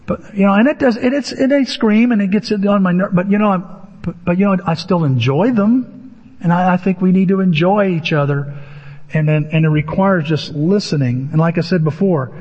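A man's voice: high-pitched, normal speed. A man preaching a sermon, telling stories with animation and acting out his own inner voice. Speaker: pastor. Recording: dull lo-fi audio with long hall reverb.

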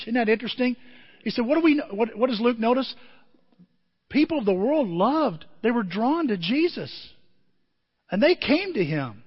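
Husky high-pitched male pastor, dull lo-fi church recording, animated sermon delivery. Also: normal speed, long reverb tail. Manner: animated, jumps to loud high emphasis and drops to quiet asides.

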